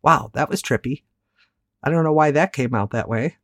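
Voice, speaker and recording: A woman's voice: rumbling low, moderate pace, no echo, clean studio sound. A woman giving a candid, reflective solo talk as a self-help host, with casual swearing. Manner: candid, animated, casually profane.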